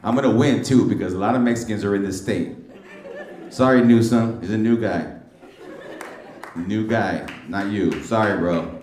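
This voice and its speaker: A man's voice: lowish voice, moderate pace, long pauses, noisy background. A middle-aged male stand-up comedian doing brash, teasing crowd work with plenty of slang. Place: comedy club stage. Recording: roomy club sound from a distance. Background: audience laughter.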